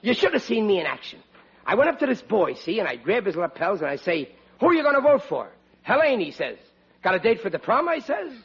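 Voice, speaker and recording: A middle-aged father, a bumbling, boastful blowhard with a husky, high-pitched voice that leaps all over the place. His excitable radio-sitcom delivery comes through a dull, muffled old broadcast recording. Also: a little fast, full character voice. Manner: excitable, boastful, whiny when low. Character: bumbling blustery working-class family father. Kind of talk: 1940s radio sitcom acting.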